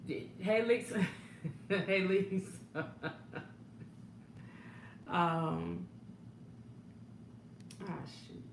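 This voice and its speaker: A woman chats slowly and loosely on a casual livestream, greeting viewers one by one, filling pauses with ums. Her voice sits a little low and easy. The room is echoey, with a faint hum of background noise behind her. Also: vocal fry. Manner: laid-back, warm greetings, frequent laughs and ums. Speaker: life coach hosting a livestream.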